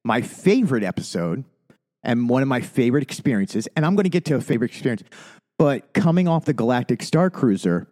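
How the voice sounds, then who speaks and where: Podcast dude talking from the heart, rambles and restarts a lot, regular mid voice. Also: male voice, medium pitch, animated, fairly quick, mellow. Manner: heartfelt, rambling, restarts often when moved. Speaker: podcast co-host. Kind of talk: casual podcast chat.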